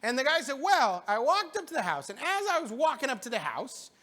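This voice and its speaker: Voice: high voice, big pitch swings, a little fast, a bit bright, voice pushed up, heavily acted. A service leader voicing a poor, hungry traveler man who complains with exaggerated indignation. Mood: aggrieved.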